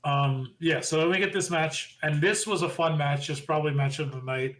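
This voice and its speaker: A man co-hosting a podcast, casually recapping wrestling shows with animated opinions. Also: a little high, poor audio. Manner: animated, quick recapping with impressions of quotes. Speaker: podcast co-host.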